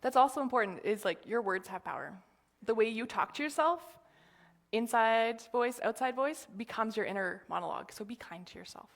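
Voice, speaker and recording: A woman's voice: on the high side, animated, quick pace, creaky. Chatty woman giving a casual sermon. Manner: chatty and rambling, many fillers and asides; drops to a hushed whisper for quoted lines. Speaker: church speaker sharing a message. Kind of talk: informal sermon talk.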